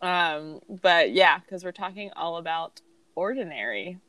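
A woman's voice: lowish voice, expressive, a little slow, bright, forceful tone. A young adult woman hosting a casual podcast, chatty and giggly, with plenty of fillers. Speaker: podcast host. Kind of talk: casual chat.

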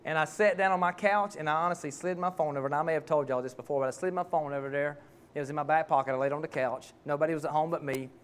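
A man's voice: a little high, fairly even intonation, quick pace, smooth. A man, a pastor preaching a sermon and telling heartfelt, folksy stories.

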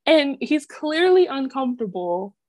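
A woman's voice: high voice, very animated, a little slow, warm tone, no echo. Chatty young woman, dry close sound. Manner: chatty storyteller, heavy use of "like", acts out quotes. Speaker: podcast co-host. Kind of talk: casual chat.

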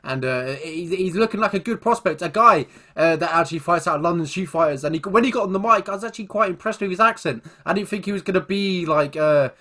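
Excitable rambling podcast guy. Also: high-pitched, fast, hardly any pauses. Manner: rambling with many uh fillers, excitable bursts. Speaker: podcast co-host. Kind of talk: casual fight recap chat.

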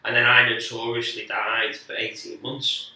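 A man's voice: mid-range voice, completely flat delivery, moderate pace, sharp tone, recorded from a distance. A man, a guest comedian telling rambling, sweary stories in casual chat with lots of restarts. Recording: very echoey, off-mic.

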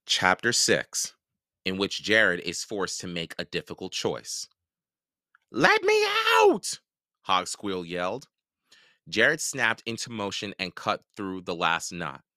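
A man hosting a podcast, reading a children's novel aloud in a lively, expressive way. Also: sits low, unhurried, no echo, clean studio sound. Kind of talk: storybook read-aloud narration.

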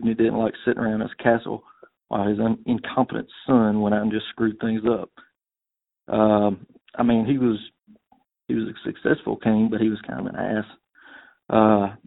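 Gravelly caller on a tinny phone line. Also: male voice, fairly low pitch, little pitch movement, a little fast. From South Carolina. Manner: casual, rambling with many fillers. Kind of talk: voicemail to a podcast.

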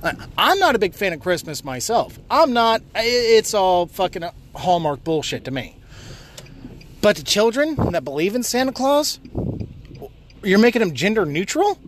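High-pitched man ranting profanely in his car. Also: sing-song, normal speed, a little hiss or hum. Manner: swears constantly, yells at other drivers. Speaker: vlogger ranting while driving. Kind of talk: profane driving rant. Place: inside a car while driving.

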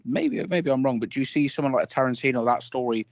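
A man's voice: medium pitch, fast talker, dry recording, lo-fi sound. A man co-hosting a casual film podcast, rambling and correcting himself as he works through strong opinions. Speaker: podcast co-host.

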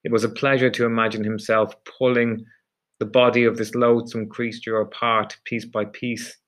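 A man narrating a dark story in a measured, deliberate audiobook reading. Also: medium pitch.

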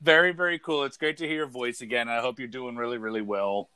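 A man hosting a podcast, chatting casually and telling stories with loud bursts of laughter. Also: medium pitch, fairly even intonation, fast, clear, resonant tone, no echo. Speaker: podcast host. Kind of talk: casual chat.

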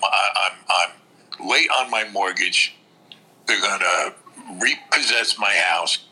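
A man's voice: lowish voice, sharp tone, rough recording. A man co-hosting a podcast, ranting and telling heated stories in casual chat. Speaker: podcast co-host.

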